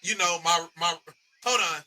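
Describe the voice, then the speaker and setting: Male podcast guest, bright sharp voice, slangy sports trash talk. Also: high voice, a little slow, poor audio. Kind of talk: casual sports podcast banter.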